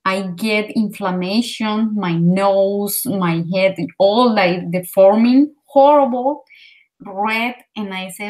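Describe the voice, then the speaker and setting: A woman's voice: mid-range voice, slow, low-quality recording. Chatty Colombian woman telling a story. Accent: Colombian Spanish. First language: Spanish. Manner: animated storytelling with many fillers. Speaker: language learner. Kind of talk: casual conversation practice.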